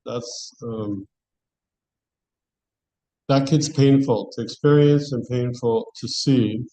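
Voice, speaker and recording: A man leads a scripture class with a mellow, warm voice. He talks to the audience conversationally and restarts his phrases as he thinks. His pitch sits in a middle range for a man. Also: slow, low-quality recording. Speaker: class speaker.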